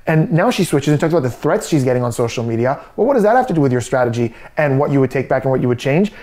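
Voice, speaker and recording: Mellow-voiced man analyzing body language. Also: medium pitch, sing-song, rapid-fire. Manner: skeptical, methodical explaining. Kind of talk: analytical commentary.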